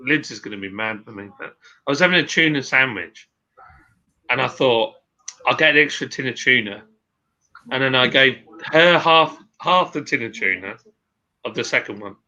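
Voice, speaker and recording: A man's voice: medium pitch, lively intonation, normal speed, bright, forceful tone. A man hosting a casual livestream chat, reading viewer comments aloud in a chatty way. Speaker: host. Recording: dull lo-fi stream audio.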